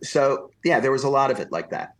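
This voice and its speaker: A man from New Jersey recounts stories as a podcast guest. His voice sits at a middle pitch. He talks in a lively way and slips into the voices of the people he quotes. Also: brisk. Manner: animated anecdotal storytelling, acts out quoted voices. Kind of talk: storytelling interview.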